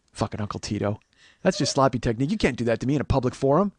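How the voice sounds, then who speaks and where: A man's voice: mid-range voice, husky, no echo. A man in his forties hosting a comedy podcast, ranting in a rambling, profane, self-mocking monologue. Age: 40s.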